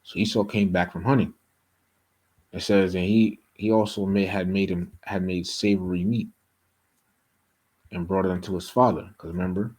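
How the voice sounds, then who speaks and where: Low and a little mellow, this man's voice comes through a low-quality recording as he teaches a relaxed bible study. He reads passages aloud and keeps asking "okay?" or saying "you know" along the way.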